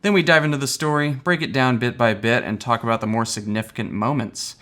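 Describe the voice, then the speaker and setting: A man's voice: mid-range voice, fairly even intonation, fairly quick, fairly bright tone. A man hosting a movie review podcast, reading a scripted intro and cast list and laughing easily with his co-hosts. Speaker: podcast host.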